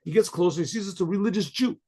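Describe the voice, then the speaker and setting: A man, a rabbi, telling a story with frequent throat clearing and repeated words. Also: high-pitched, fast, dark tone.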